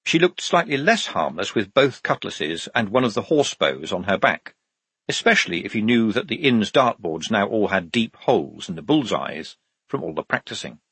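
Brief: male storyteller, low husky voice, animated reading. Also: no room sound. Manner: expressive storytelling. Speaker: audiobook narrator. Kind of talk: audiobook narration.

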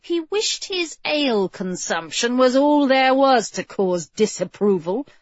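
Brief: female audiobook narrator, wry and playful, lively pitch, dry room. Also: measured pace, no echo. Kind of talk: scripted storybook narration. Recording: dull lo-fi, dry.

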